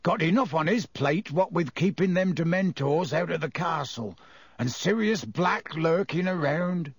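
A man voicing a huge, rough-spoken gamekeeper who talks through choking sobs. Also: on the high side, animated, unhurried, no echo, pitched above the performer's own voice, full character voice. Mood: groaning. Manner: broken, choked and wailing.

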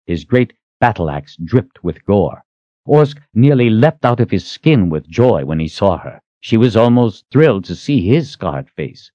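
A man reads a novel aloud in an expressive storytelling style. His voice is on the low side but moves through a wide, lively range. The recording is dry and somewhat dull. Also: a little slow, no echo. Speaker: narrator. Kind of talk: audiobook narration.

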